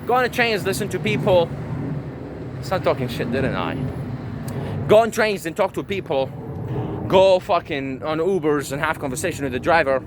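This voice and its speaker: A brash young man rants on and on, cursing and tripping over his own restarts. His voice sits a little high for a man, with faint traffic humming behind him on a city street. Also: expressive, normal speed, long pauses. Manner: brash, boastful, rambling with restarts and swearing. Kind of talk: profane monologue to camera.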